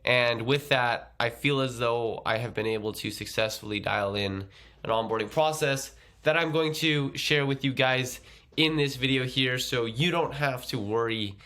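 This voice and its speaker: A man's voice: mid-range voice, normal speed, pushed and bright. A man running a casual tutorial, chatty and explaining things step by step. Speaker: agency owner teaching a course.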